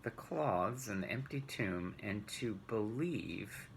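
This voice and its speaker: Slow gravelly man telling a Bible story. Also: fairly low pitch, expressive, slight background noise, poor audio. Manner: slow, gentle storytelling with rhetorical questions. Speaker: children's Bible teacher. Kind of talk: storytelling Bible lesson for children.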